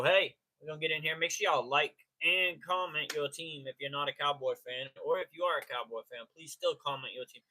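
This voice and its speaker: A man's voice: fairly high pitch, pushed and bright. A man hosting a casual live sports stream, talking in slang and greeting chatters by name.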